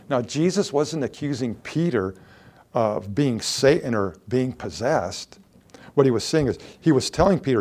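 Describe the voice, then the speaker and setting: A man's voice: mid-range voice, expressive, normal speed, darkish tone. A man preaching a conversational sermon to a congregation, growing emphatic when he acts out quoted lines.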